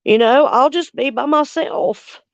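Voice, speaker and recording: A woman talks to her livestream viewers, blunt and furious and swearing freely. Her voice is smooth and clear, with a dry, close sound. The recording is slightly dull and lo-fi. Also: high voice, unhurried, no room sound. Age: 40s. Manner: angry, blunt, heavy swearing, reads out viewer comments. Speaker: livestream host. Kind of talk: casual livestream chat with viewers.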